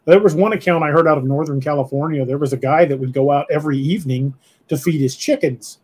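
A man's voice: on the high side, quick pace, a little mellow, slightly rough. A man hosting a casual live-streamed podcast chat, telling stories and reading out viewer comments. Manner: storytelling, reads out viewer comments. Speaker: podcast host.

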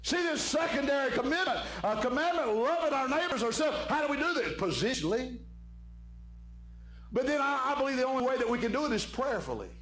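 A man's voice: very high-pitched, big pitch swings, brisk, fairly bright tone. A man preaching an evening sermon as pastor, fervent and fond of saying "my friend". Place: church sanctuary. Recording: echoey church room with faint hum.

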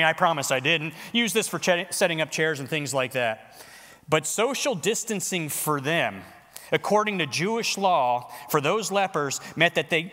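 A pastor preaches to his congregation in a conversational, animated way, with jokes along the way. His voice is bright and forceful and sits a little high for a man. The sound rings with the long reverb of a large worship hall. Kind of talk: sermon. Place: church worship center.

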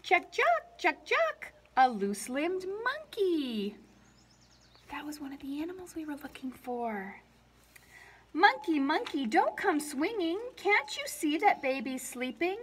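A woman's voice: high voice, sing-song, unhurried, a little hiss or hum. A woman librarian reads a picture-book lullaby aloud for children at story time. She makes playful animal sounds, uses a lilting sing-song reading, and asks the children questions along the way.

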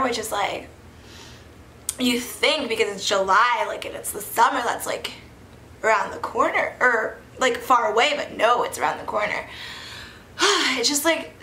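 A woman's voice: fairly high pitch, sharp tone. Giddy young woman rambling in an echoey room. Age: 20s. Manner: giddy, rambling, lots of "like" and laughter. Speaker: wine review vlogger. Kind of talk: casual vlog chat. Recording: echoey room with faint background noise.

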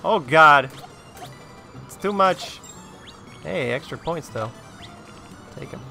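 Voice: mid-range voice, expressive, slow, gravelly, music in the background. A let's-play host giving playful, giggly commentary while playing a video game. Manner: giggly, playful, laughs often. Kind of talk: casual gameplay commentary.

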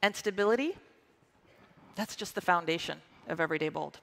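A woman's voice: lowish voice, brisk, vocal fry. A woman in her forties giving an upbeat, emphatic scripted keynote to a conference audience. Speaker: conference presenter. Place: large conference hall. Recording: reverberant conference hall.

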